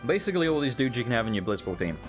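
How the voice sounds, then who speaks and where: A man's voice: mid-range voice, very animated, very fast, over music. A young man hosting a let's play, giving casual, sarcastic, wisecracking commentary with occasional swearing.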